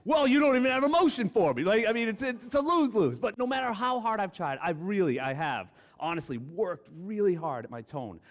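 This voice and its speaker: A man preaches in a candid, storytelling way, often poking fun at himself. His pitch rises and falls a lot as he talks. The voice rings out with a long reverb, as in a church sanctuary. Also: a bit bright. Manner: candid, self-deprecating, storytelling. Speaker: guest preacher. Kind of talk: conversational sermon.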